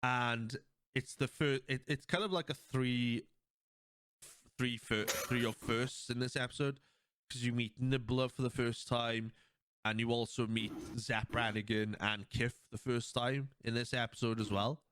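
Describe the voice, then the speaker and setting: A young man talks through his favorite scenes on a casual podcast. He rambles and gets animated, and a faint hiss sits under his voice. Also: medium pitch, unhurried. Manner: rambling, animated retelling with laughs. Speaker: podcast host. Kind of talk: casual chat.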